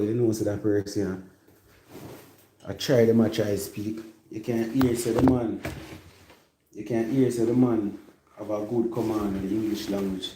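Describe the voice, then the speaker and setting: A man's voice: lowish voice, warm tone, slight background noise, low-quality recording. A Jamaican man giving a rambling, casual music commentary that mixes patois with English. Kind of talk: casual chat.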